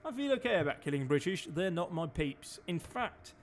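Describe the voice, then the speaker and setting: A man's voice: fairly high pitch, big pitch swings, moderate pace, a little hiss or hum. A man from Denmark giving chatty, sweary commentary while streaming a game and barking orders at his crew. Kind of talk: casual gameplay commentary.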